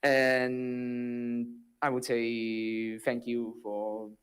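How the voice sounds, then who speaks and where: A student speaks very slowly in a very low, bright and clear voice. She hesitates over her words. A faint crowd is audible behind her. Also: completely flat delivery. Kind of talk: thanking teachers.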